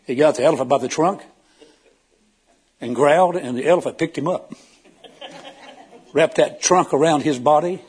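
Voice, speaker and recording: A man preaching a sermon in a folksy way, telling a joke and asking the congregation questions, swinging from loud emphatic peaks to low quiet asides. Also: normal speed, long pauses, husky. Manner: folksy, tells jokes and animal stories, asks the congregation questions.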